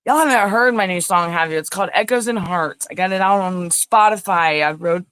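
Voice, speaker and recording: A woman's voice: on the low side, a little fast, a bit bright, clear, resonant tone. A woman hosting a casual livestream, chatting in a rambling way and greeting viewers by name. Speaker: livestream host. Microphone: phone.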